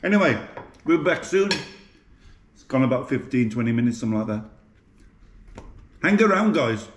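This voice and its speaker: Recorded in an echoey home kitchen with faint clatter and slight background noise, this Birmingham man speaks at medium pitch and normal speed with big pitch swings. He's a home cook vlogger, chatty and self-mocking, talking straight to viewers in a casual cooking video, and his Birmingham accent is clear.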